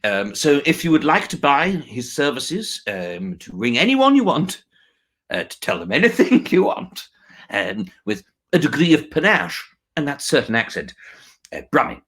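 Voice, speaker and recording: A man's voice: fairly high pitch, huge pitch swings, normal speed, fairly bright tone, poor audio. A man hosting a comic online auction, bumbling and hesitant with many fillers but playful. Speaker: comedy auctioneer host.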